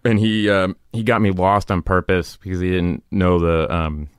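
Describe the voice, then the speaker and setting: A man in his thirties with a low, smooth, resonant voice, rambling through self-deprecating stories as a comedian guest. He is recorded in a garage studio, and the sound is dry and close. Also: little pitch movement, moderate pace, no echo. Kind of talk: casual interview storytelling.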